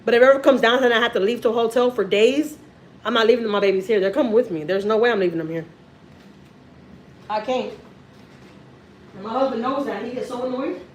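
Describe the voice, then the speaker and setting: A woman with a Texan accent chatting casually on a family live stream, animated and repeating herself as she talks while holding a phone in her kitchen. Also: on the high side, a little fast, pauses often, a little hiss or hum. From Houston, Texas. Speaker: family vlogger. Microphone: handheld phone.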